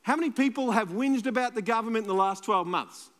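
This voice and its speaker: A man's voice: sits high, fairly quick, a bit bright, in a large hall. A man with an Australian accent, a pastor preaching a sermon in a conversational, playful way and joking with the congregation.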